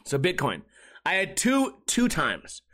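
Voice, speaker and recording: A man with a high, sharp, bright voice hosts a comedy podcast. He rambles through crude, profane stories and keeps breaking off and restarting his sentences. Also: huge pitch swings, slow pace. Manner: crude, profane storytelling with laughter. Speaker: podcast host and streamer. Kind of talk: comedic casual chat.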